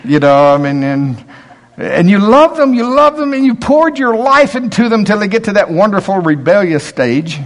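An older man preaching a sermon, folksy storytelling, dropping to low asides and rising to loud, emphatic preaching. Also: sing-song, moderate pace. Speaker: pastor.

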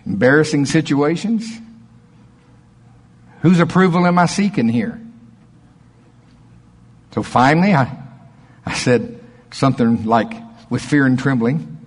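A male preacher delivers a sermon in a husky, slightly breathy voice. He moves between measured scripture quotes and animated storytelling. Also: medium pitch.

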